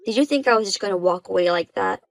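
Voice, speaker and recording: A woman's voice: medium pitch, quick pace, creaky, low-quality recording. A woman voicing the wronged wife in a dubbed story drama, speaking plainly and with indignation.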